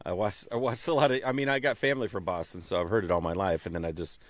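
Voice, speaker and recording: A man co-hosts a relaxed voice-actor chat, his voice on the low side. He rambles and repeats words while finding his point. The sound is dry and close to the mic. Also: very fast, no echo. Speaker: co-host. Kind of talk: casual interview chat.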